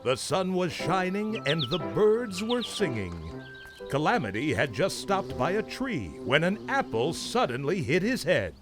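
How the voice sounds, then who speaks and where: A man narrating a children's storybook in an animated, expressive way. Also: a little high, unhurried. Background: music.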